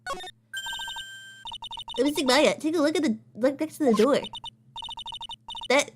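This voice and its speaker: A woman's voice: high voice, measured pace, over music, voice pushed up. A woman voicing a small, polite, earnest young girl in a video game read-through, sweet and childlike.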